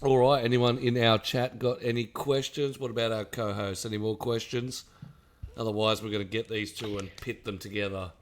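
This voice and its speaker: A man hosting a gaming podcast, reading questions from the chat in a relaxed way. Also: fairly low pitch, normal speed. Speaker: podcast host.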